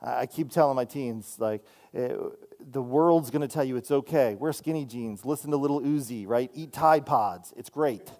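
Youth pastor guy giving a sermon, kinda high voice, super casual, lots of "right?". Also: normal speed, darkish tone. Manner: conversational, repeats "right?" and restarts often. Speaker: student minister.

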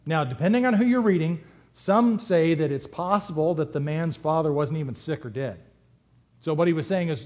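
A man's voice: on the high side, normal speed. A man preaching a sermon in a conversational, joking way, rising and dropping his voice for effect. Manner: humorous, conversational, lively swings in loudness. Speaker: pastor.

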